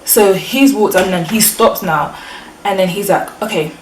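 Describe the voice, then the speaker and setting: A young woman with a London accent telling a storytime vlog in a casual, slangy, animated way. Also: mid-range voice, measured pace, a little hiss or hum. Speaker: vlogger. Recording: echoey room, mic at a distance.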